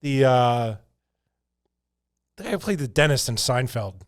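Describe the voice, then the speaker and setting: A man's voice: mid-range voice, animated, measured pace. Chuckling man co-hosting a podcast. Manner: rambling, chuckles often. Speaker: podcast co-host. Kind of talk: casual chat.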